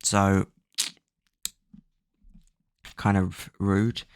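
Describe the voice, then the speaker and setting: A man's voice: low-pitched, little pitch movement, very slow, clear, resonant tone, dry recording, studio quality. A man casually recapping a book's plot, rambling with lots of fillers and offhand swearing. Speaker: book recap vlogger.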